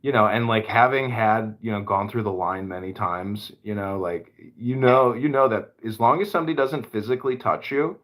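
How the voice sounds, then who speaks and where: A man's voice: on the low side, moderate pace, hardly any pauses, fairly bright tone. A man hosting a podcast, telling rambling, profane stories in casual chat. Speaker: podcast host.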